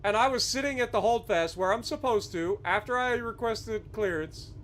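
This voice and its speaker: High-pitched angry gaming streamer man. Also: normal speed, a bit bright, a little hiss or hum. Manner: angry, profane ranting. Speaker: game streamer. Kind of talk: live gameplay commentary.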